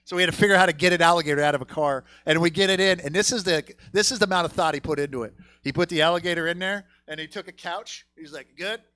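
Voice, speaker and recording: A man's voice: on the high side, very fast, few pauses, sharp tone, dry recording. A man doing a stand-up comedy set on a theater stage, telling a rambling, crude story and working the crowd.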